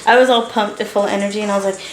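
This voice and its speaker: A doll-collecting vlogger, sleepy and yawning, talks casually to camera at home in her living room late at night, rambling and laughing. Her medium-pitched voice is fairly even but rapid-fire, and the low-quality recording sounds roomy, with slight background noise.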